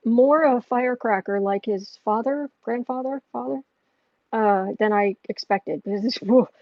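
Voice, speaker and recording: A woman's voice: fairly high pitch, normal speed, no room sound, muffled recording. A woman reading astrology and tarot on a casual home livestream, musing and thinking aloud as she goes.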